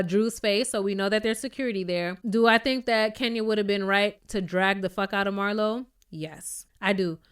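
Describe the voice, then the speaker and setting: A woman's voice: medium pitch, a bit bright, clean tone. A young adult woman recapping a reality TV episode in a casual, opinionated rant full of rhetorical questions. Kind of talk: casual ranting show recap.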